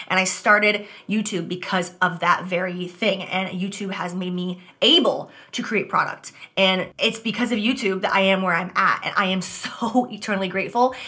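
A woman's voice: on the low side, pushed and bright. A young woman vlogging while doing her makeup, talking candidly and emotionally to her viewers. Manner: emotional, earnest confessional talk. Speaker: beauty vlogger. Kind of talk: candid get-ready-with-me talk.

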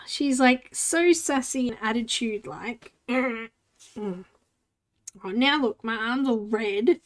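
A woman's voice: fairly high pitch, slow pace. A woman in her forties hosting a live coloring tutorial, chatting, laughing and teasing her cat as she works. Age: 40s. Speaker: art tutorial host. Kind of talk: live coloring stream chat.

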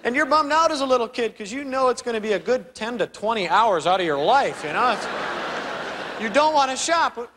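A young man doing an animated stand-up routine on a theater stage, acting out characters with voices and sound effects. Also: very high-pitched, a little fast. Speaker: stand-up comedian. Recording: live theater recording with crowd noise. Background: audience laughter.

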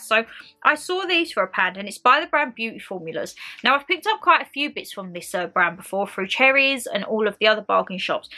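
A woman's voice: mid-range voice, bright, forceful tone. A young woman chatting casually to camera about her haul, calling viewers her lovelies. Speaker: haul vlogger. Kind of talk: casual product haul chat.

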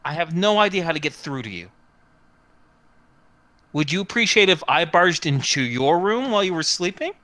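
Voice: mid-range voice, big pitch swings, moderate pace, long pauses, pushed and bright, dry recording. A game master voicing a snooty, skinny young man who scolds primly and sighs with exasperation. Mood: stern.

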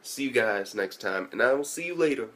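A male anime reviewer talking casually into a mic. He rambles, swears constantly and leans on fillers, with a mid-pitched voice. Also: animated, a little fast, very noisy. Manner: rambling, heavily profane, lots of fillers.

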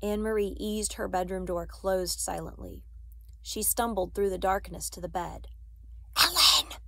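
Woman narrator, measured storytelling, dry close mic, mid pitch. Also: steady tone, gravelly, a little mellow, dry recording. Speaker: audiobook reader. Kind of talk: reading a children's novel aloud.

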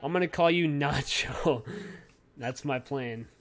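A man's voice: medium pitch, slow. A young man giving casual, goofy commentary while playing a video game and talking to his in-game pet. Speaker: gaming YouTuber.

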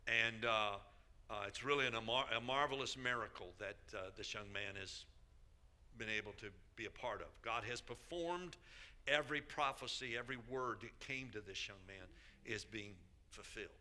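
A man's voice: mid-range voice, moderate pace, sharp tone. A man preaching a sermon as a bishop, emphatic, repeating key phrases and calling out to the congregation.

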